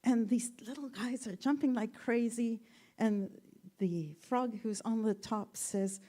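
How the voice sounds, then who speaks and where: A woman minister giving a sermon, telling stories gently with playful asides. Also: on the high side, unhurried. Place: church sanctuary.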